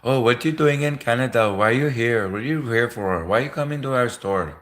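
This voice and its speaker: A man's voice: medium pitch, a little fast, a bit bright, lightly acted. A man putting on a thick Indian-accented border agent. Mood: suspicious. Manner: thick accent, interrogating, repetitive questions. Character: suspicious pushy male immigrant border agent.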